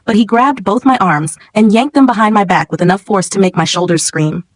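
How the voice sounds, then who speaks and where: A woman narrating a scripted first-person story in a steady, tense way. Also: mid-range voice, fairly quick, dry recording, poor audio.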